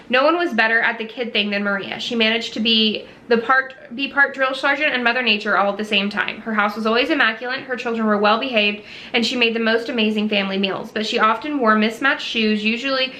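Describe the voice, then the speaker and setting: Bright-voiced woman reading a novel aloud. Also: fairly high pitch, fairly quick. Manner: reads with small slips and restarts. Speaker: reader.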